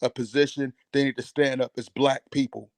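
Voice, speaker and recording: A man's voice: medium pitch, level tone, a little fast, dry recording. A man calling in to a talk show, ranting in a heated, emphatic and profane way. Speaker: caller. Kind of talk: call-in radio rant.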